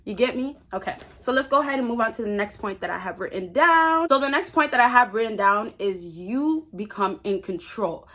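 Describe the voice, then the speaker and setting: A young woman with a fairly high voice talks straight to her viewers in a casual advice vlog. She is blunt and emphatic, and she hammers her points home by repeating key phrases. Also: animated, fairly quick, few pauses, fairly bright tone. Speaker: dating advice vlogger. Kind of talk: casual advice monologue to camera.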